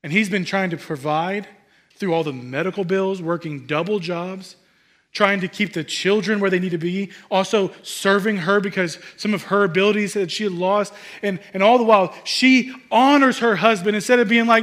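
A man preaching a sermon, humorous and animated, swinging between loud excitement and hushed asides. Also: high voice, normal speed. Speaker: pastor.

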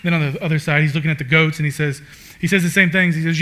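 A male pastor preaching a sermon to his congregation, animated and emphatic, swinging from loud peaks to quiet, reverent lines. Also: on the high side, fast. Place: church sanctuary.

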